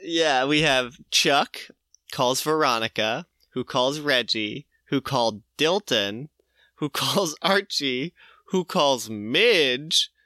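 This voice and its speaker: A man's voice: medium pitch, lively intonation, takes it slowly, sharp tone, no room sound, clean studio sound. A man co-hosting a casual comedic podcast, animatedly retelling a comic plot with laughter and swearing. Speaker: podcast co-host. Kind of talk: casual comedic recap chat.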